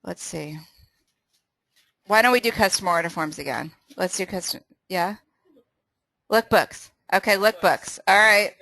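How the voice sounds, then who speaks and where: A woman's voice: lowish voice, unhurried, creaky, long pauses, sharp tone, dry recording, poor audio. A woman hosting a casual sales training call, upbeat and laughing often, running a quiz and restarting her sentences.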